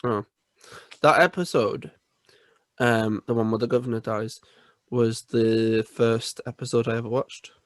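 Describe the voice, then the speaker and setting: A man's voice: mid-range voice, steady tone, measured pace, long pauses, no room sound, clean studio sound. A young man co-hosting a podcast in casual chat, who stammers and laughs often. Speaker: podcast co-host.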